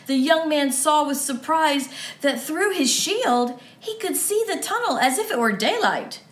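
Woman reading a story to kids, slow and expressive, echoey room. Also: fairly high pitch. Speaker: children's ministry teacher. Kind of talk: reading a story aloud to children.

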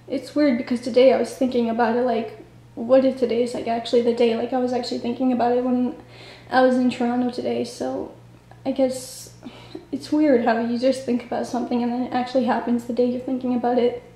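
Tearful young-sounding woman, halting speech. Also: fairly high pitch, flat delivery. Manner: halting, hesitant, soft-spoken. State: fighting back tears. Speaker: vlogger. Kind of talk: tearful video tribute. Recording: echoey room.

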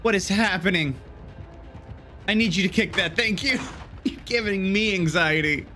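Excitable young male gamer, a bit high-voiced, joking and cursing through commentary. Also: normal speed, faint music behind. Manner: jokey, excitable, swears often. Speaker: gaming YouTuber. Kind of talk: casual gameplay commentary.

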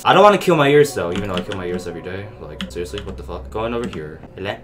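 A man's voice: sits low, lively intonation, racing. A man giving gameplay commentary on a horror game, jumpy and swearing, talking back to the game. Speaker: gaming YouTuber. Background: game music.

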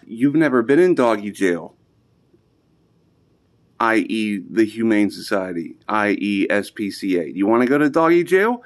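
A man talks slowly to his pets in a home basement. His pitch swings widely as he plays the stern parent, and the scolding keeps softening into affection. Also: big pitch swings. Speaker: pet owner. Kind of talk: casual vlog, scolding pets.

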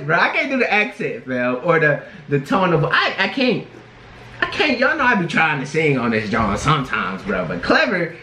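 Bright-voiced young man in an echoey room. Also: high-pitched, big pitch swings, normal speed, a little hiss or hum. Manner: slangy and laid-back, sprinkling in "bro" and "bruh". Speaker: reaction video host. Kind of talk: casual reaction commentary. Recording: roomy echo with faint music. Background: faint music from the video being reacted to.

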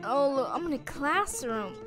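A woman gamer and channel host giving excitable roleplay commentary, often panicking and repeating herself. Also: high-pitched, moderate pace, music in the background. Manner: panicky, exclaiming, repeats phrases.

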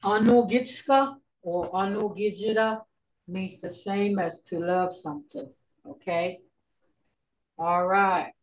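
Slow, patient woman teaching a class. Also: medium pitch, poor audio. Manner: patient, repeats words slowly for learners. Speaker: language teacher. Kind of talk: online language class. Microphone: video call.

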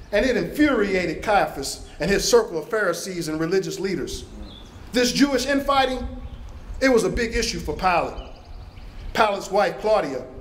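A man's voice: sits high, roomy sound, slight background noise. A male pastor giving a dramatic first-person biblical narration from a church, preaching emphatically and lifting his voice for quoted speech. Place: church sanctuary.

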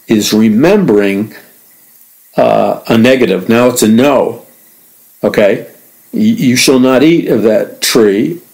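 A man hosting a radio Bible teaching, earnest and emphatic, repeating words as he explains and reading verses quickly between slower commentary. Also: fairly low pitch, darkish tone, poor audio. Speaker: radio minister and host.

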